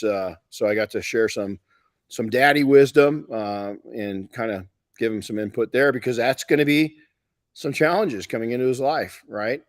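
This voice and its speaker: A middle-aged podcast host and detailing educator from Southern California tells rambling, folksy stories on a live podcast, often restarting. His lowish voice is captured as a dry, clean studio recording.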